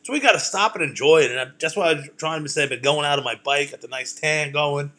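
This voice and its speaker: A comedian and host delivers a loose, rambling casual monologue full of swearing and self-deprecating jokes. His voice is on the high side, fast, and sharp in tone.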